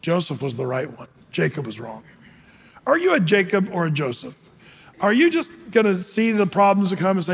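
A man's voice: high-pitched, big pitch swings, normal speed, vocal fry, slightly rough. A male pastor preaching in a conversational way, putting questions to the audience between fillers. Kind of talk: sermon. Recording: long hall reverb.

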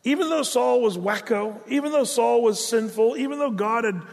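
A man delivers a sermon in a high, lively voice, telling a story and acting out quotes with playful asides. His voice rings with the long reverb of a large hall. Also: moderate pace, gravelly. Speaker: pastor.

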